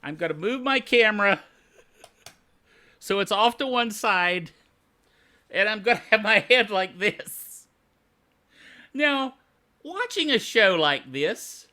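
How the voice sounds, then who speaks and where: A man's voice: very high-pitched, pushed and bright. A man hosting a tech tips show, griping like a self-styled curmudgeon, chuckling often and checking in with "okay?". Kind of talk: tech tips talk to camera.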